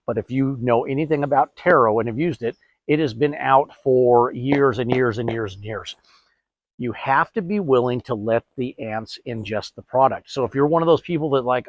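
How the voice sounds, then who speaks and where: A man's voice: medium pitch, animated, normal speed, no echo, dull audio. A middle-aged man hosting a DIY product tutorial, chatty, asking and answering his own questions. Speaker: host.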